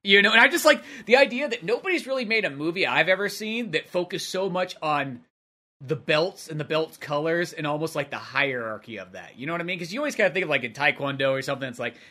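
A man's voice: a little high, expressive, quick pace, sharp tone. A man co-hosting a podcast, chatting casually in a rambling way, full of filler words. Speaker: podcast co-host.

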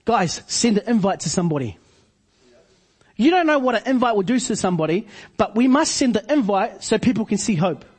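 A man preaching a sermon to his congregation, repeating key phrases slowly for emphasis. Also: sits high, sing-song, darkish tone, husky. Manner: preaching with slow emphatic repetitions. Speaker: pastor.

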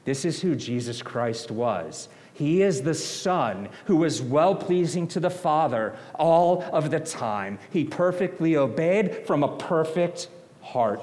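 A man's voice: on the high side, in a large hall. A man preaching a sermon, earnest and emphatic, repeating phrases to drive them home. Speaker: pastor. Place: church sanctuary.

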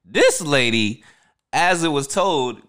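A man's voice: a little high, animated, slow, fairly bright tone. A young man co-hosting a casual podcast chat with his wife, laid-back and joking, heavy on slang and cursing. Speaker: podcast co-host.

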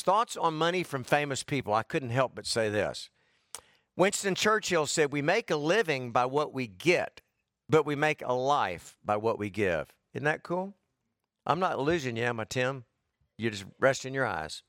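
Folksy pastor, higher pitched, dry sound. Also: male voice, a bit bright, no room sound. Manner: folksy, joking asides to the congregation. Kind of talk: sermon.

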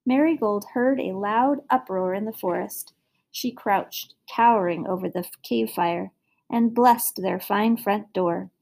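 A woman reading a fairy tale aloud as narrator, in an expressive storybook manner. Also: mid-range voice, vocal fry.

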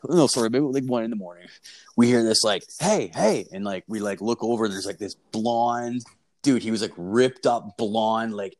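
A young man with a fairly low voice tells a story in relaxed, casual chat. He rambles and swears freely and leans hard on fillers. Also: moderate pace. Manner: rambling, profane, full of fillers.

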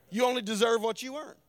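A middle-aged man with a Southern US accent preaching a sermon in a church, building to fervent shouted peaks. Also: very high voice. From American South. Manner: preaching with rising fervor and shouted climaxes. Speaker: pastor.

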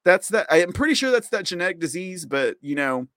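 A man's voice: high voice, sing-song, a little fast, a bit bright, no echo, clean studio sound. A man hosting a live podcast, rambling casually, mocking his targets with frequent laughs and reading viewer comments aloud. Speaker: podcast host.

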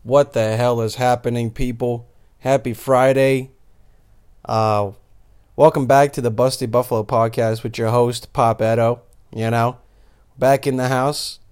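A man's voice: medium pitch, steady tone, unhurried, a little mellow, smooth. A young man hosting a podcast solo, telling crude, rambling stories full of swearing and jokes. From Bosnia. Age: young adult. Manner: rambling, profane, jokey storytelling. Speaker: podcast host. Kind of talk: crude casual monologue.

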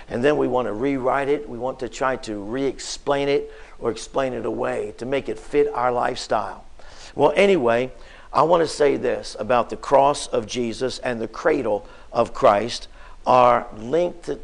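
A male preacher delivers a sermon in a medium-pitched voice. He reads scripture slowly and with growing force, then drops into a relaxed, conversational way of talking with fillers and restarts.

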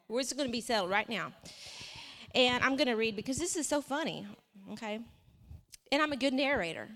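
A woman preaching a sermon, reading scripture aloud with lively asides. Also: on the high side, brisk, pauses often. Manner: animated, reads scripture aloud with asides and laughs. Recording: long reverb of a hall.

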